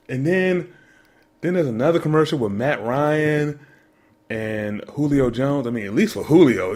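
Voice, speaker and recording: A man co-hosting a sports podcast, ranting in a mocking, incredulous way about commercials. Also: medium pitch. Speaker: podcast co-host. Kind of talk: casual sports commentary rant.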